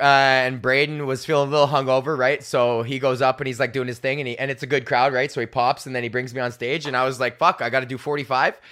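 A young male comic hosting his own podcast, his voice bright and forceful. He rambles and swears freely through a solo rant, laughing at his own jokes and slipping into mocking voices for the people he quotes. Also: mid-range voice. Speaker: podcast host.

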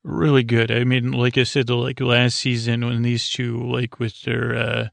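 A man rambling through a loose, filler-heavy recap, paraphrasing scenes in casual slang, with a gravelly, fry-laden voice. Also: medium pitch, monotone, moderate pace, no echo. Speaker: podcast host.

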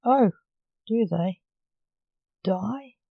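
A woman's voice: medium pitch, very slow, gravelly, dry recording, narrow, tinny audio, exaggerated voice. Woman voicing an eager chicken-suited man. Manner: excited, curious.

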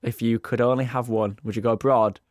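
A man's voice: mid-range voice, steady tone, fairly quick, darkish tone, no echo, clean studio sound. A man co-hosting a podcast in casual chat, jokey and laughing often, sometimes stumbling over words. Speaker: podcast co-host.

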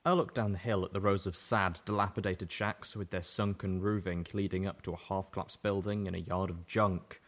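Male audiobook narrator, low-pitched, steady first-person delivery. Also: normal speed, hardly any pauses.

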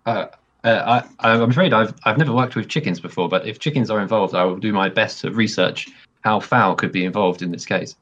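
Male player, low husky voice, earnest delivery with dry puns. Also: fairly quick, fairly bright tone, muffled recording. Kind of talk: in-character tabletop play.

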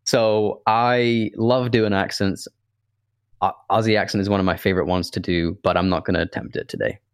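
A man's voice: on the low side, fairly even intonation, normal speed, clean tone, dry recording, studio quality. A young man hosting a podcast, telling a story in a casual, chatty way and poking fun at himself. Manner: chatty, self-mocking storyteller. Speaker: podcast host. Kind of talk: casual chat.

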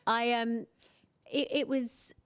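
A woman in her forties, an interview guest, chatting warmly and acting out quoted voices in her stories. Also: fairly high pitch, flat delivery, slow pace, clean tone, dry recording. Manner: chatty, warm storytelling, acts out quoted voices. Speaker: guest, singer. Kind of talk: casual interview chat.

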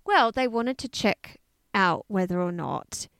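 A woman's voice: medium pitch, a little slow, gravelly, clean tone, dry recording. A woman, recounting a story in a casual podcast chat, swearing and acting out quotes. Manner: animated, swears, acts out quotes. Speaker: podcast co-host.

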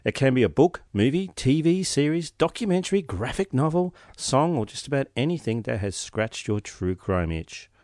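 A man's voice: medium pitch, big pitch swings, normal speed, few pauses, darkish tone, no room sound, studio quality. A young man, co-hosting a casual podcast with a joking, sarcastic and sweary manner. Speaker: podcast co-host. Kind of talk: casual chat.

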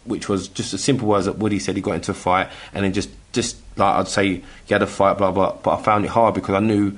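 A middle-aged man from England telling a personal story in casual chat, halting with many restarts and acting out the voices he quotes. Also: low voice, flat delivery. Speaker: guest telling his story.

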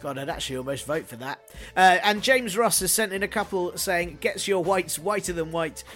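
Uk guy doing his podcast, high-ish voice, deadpan sarcastic jokes, bit of music under it. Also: moderate pace. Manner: sardonic, jokey asides. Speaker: podcast host. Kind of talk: scripted solo podcast segment.

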